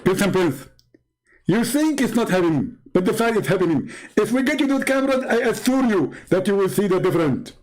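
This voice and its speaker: A man's voice: high voice, big pitch swings, fairly quick, darkish tone, voice pushed up, rough recording. A man doing a smug, pompous preacher impression. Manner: pompous, condescending, talks in a mock accent.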